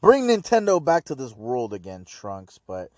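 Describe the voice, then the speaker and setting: A man's voice: medium pitch, huge pitch swings, moderate pace, a little mellow, no room sound, studio quality. A man giving a casual, rambling anime episode review, full of slang like dude and man.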